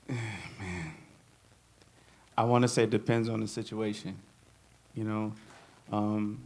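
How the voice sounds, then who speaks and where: A man giving a live drum clinic to an audience. He jokes, laughs often and acts out quotes. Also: mid-range voice. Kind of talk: live workshop talk and Q&A.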